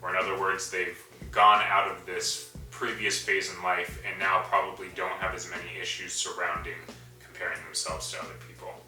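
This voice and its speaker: Young man, student presenter, deep-ish voice, mock news-anchor delivery, distant mic, faint music behind. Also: level tone, normal speed, bright, forceful tone, roomy sound. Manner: tongue-in-cheek, formal reporter-like delivery with dry asides. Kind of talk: school presentation in a mock news-reporter persona.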